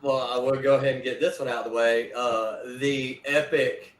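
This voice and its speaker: A man chatting excitedly on a fan podcast, swearing freely and laughing a lot. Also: medium pitch, normal speed, hardly any pauses. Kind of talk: casual podcast chat. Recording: echoey room, faint noise.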